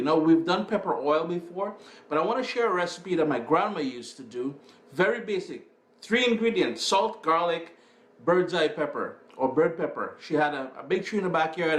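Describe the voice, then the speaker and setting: A man's voice: a little high, lively intonation, fairly quick. A man hosting a home cooking demonstration in an upbeat, chatty way, recorded in his kitchen. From Caribbean. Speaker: cooking show host. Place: home kitchen and living room.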